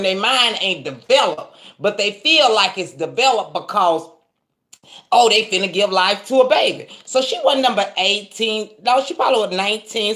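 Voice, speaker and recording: A woman from Texas, talking to camera as a self-styled judge and repeating "do you hear me?". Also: mid-range voice. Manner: animated, repeats "do you hear me?", mock courtroom sentencing. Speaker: vlogger playing a judge. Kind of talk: casual monologue to camera.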